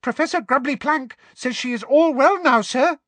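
Squeaky, servile house elf. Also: male voice, moderate pace, a bit bright, dry recording. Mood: adoring. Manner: servile, adds "sir" to every sentence and speaks of himself in the third person. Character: eager squeaky male house elf, devoted and timid. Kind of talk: audiobook character voice.

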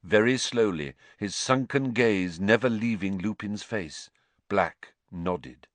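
A man reading an audiobook story with slow, expressive narration. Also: fairly low pitch, no echo.

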